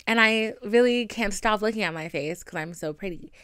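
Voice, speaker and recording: A woman's voice: mid-range voice, moderate pace, a bit bright, clear, resonant tone, no echo, studio quality. A young woman hosting her own podcast, venting in a candid, chatty and profane way full of asides. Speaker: podcast host. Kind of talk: casual solo venting podcast.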